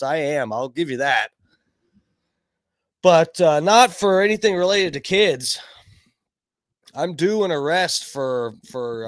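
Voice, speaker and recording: A man hosting his own live stream, rambling casually with plenty of swearing and shout-outs to chatters by name. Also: a little high, no room sound, clean studio sound. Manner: rambling, profane, greets chat by name. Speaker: livestream host.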